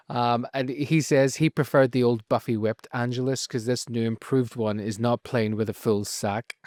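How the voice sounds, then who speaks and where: A man with a Northern Irish accent recapping a TV episode in a casual podcast chat, telling it in a lively, profane way. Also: mid-range voice, normal speed, no echo, clean studio sound. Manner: animated, profane storytelling with frequent laughs. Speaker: podcast co-host.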